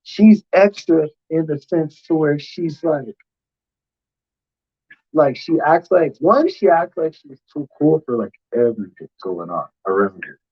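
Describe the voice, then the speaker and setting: Animated, profane man with a dull lo-fi sound. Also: unhurried, husky. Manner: animated, profane, swings pitch when quoting others. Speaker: podcast host. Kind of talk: casual storytelling chat.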